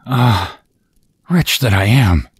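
A man whispering as a proud young princess who sighs over her fate, in a storybook's whispered role-play. Her voice sits higher than the narrator's deep, husky tone but stays hushed and breathy, at a slow pace. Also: big pitch swings, heavily acted. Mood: lamenting. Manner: soft, hushed and sighing.

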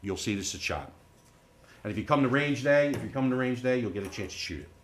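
A man's voice: medium pitch, fast, slight background noise. A middle-aged man and company founder presenting a new product at a live Q&A, folksy and emphatic, tagging lines with "all right?" and "okay?" and acting out the people in his stories. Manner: animated storyteller acting out quoted people.

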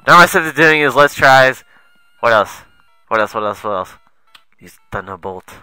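A young man doing let's play commentary, excitable and foul-mouthed, muttering asides and then yelping at the game. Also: mid-range voice, normal speed, pauses often, clear, resonant tone, dry recording, low-quality recording. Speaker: gamer.

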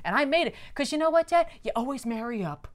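A woman's voice: high voice, lively intonation, fast talker, pitched above the performer's own voice. A woman retelling a defiant grown male superhero escape artist in her own voice, gloating and peppered with "like".

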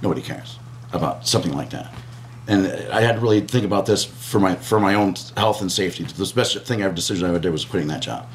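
Man guest, low voice, lively raconteur, light background noise. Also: quick pace. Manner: animated storyteller, acts out screams and quotes. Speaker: interview guest. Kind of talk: storytelling anecdote.

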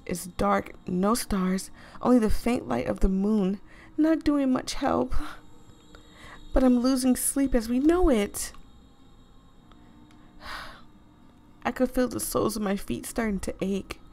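A woman reading a story game aloud to viewers, animated and expressive, swearing freely and breaking off into laughing asides. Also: a little high, slow pace, gravelly, pauses often. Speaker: gaming video creator.

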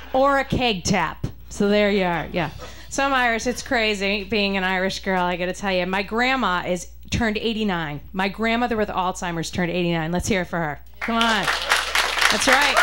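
A woman's voice: mid-range voice, a bit bright, a little hiss or hum. A woman from Boston with a Boston accent, doing a stand-up comedy set with a chatty, punchy delivery aimed at the audience. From Boston, Massachusetts.

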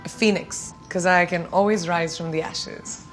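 A celebrity guest, a playful woman in her thirties from India, laughs as she gives quick-fire interview answers indoors at home, with faint music behind her. Her voice is fairly low and steady at a normal speed.

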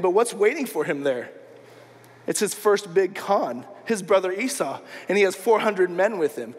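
A man preaching a sermon as pastor, retelling a story casually and acting out the quoted lines. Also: sits high. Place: church sanctuary. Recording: long church reverb.

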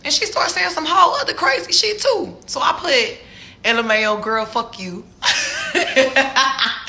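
A woman, ranting on a live stream, profane and heated, slow and emphatic, breaking into laughter. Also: high voice, big pitch swings, pushed and bright.

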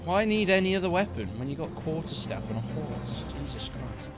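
A young man talks over his own gameplay in a lively, bouncing voice that keeps leaping up high when the action gets hectic. He is jokey and excitable. Faint game music sits low behind him. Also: a little fast. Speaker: gaming YouTuber. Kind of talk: live gameplay commentary.

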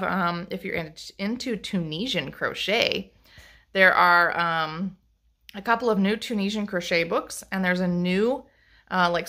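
A woman's voice: medium pitch, pushed and bright. A woman who runs a fiber craft shop and teaches, talking casually into a handheld phone camera on a live stream, rambling with many ums and restarts.

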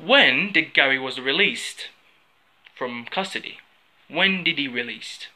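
A man playing a stern police officer who questions a suspect slowly and insistently, repeating his questions. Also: medium pitch, expressive, bright, forceful tone. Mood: pressing.

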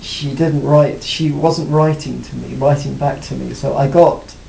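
A man being interviewed about his music career, talking reflectively with many pauses and restarts. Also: steady tone, vocal fry, mellow. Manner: hesitant, many restarts and "you know". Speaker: interviewee, former band cellist. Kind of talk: reflective casual interview talk. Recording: roomy, faint rumble.

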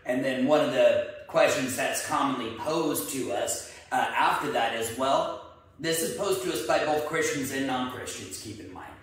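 A man's voice: medium pitch, moderate pace. Man telling a story in an echoey room. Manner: earnest, animated when telling a joke story. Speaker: martial arts instructor and co-host. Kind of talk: casual chat with storytelling. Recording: echoey room, mic at a distance.

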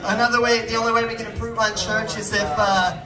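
A man's voice: high-pitched, flat delivery, fast, music in the background. A man doing a rambling, self-deprecating stand-up set, out of breath on a club stage. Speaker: stand-up comedian. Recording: roomy club sound from a distance, loud crowd and noise.

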